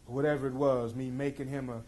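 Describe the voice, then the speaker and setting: A middle-aged man telling a tense personal story in an intense, emphatic way, moving between loud passages and hushed ones. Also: mid-range voice, little pitch movement, fast. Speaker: speaker. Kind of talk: dramatic storytelling talk.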